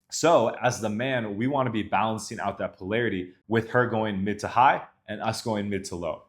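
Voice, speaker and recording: Young man, dating coach, lowish voice, assured instructional delivery. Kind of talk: instructional talk to camera.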